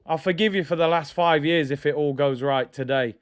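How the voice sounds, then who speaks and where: A man hosting a live football watch-along, excitable and taunting, shouting at the big moments. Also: on the high side, fairly quick. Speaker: host.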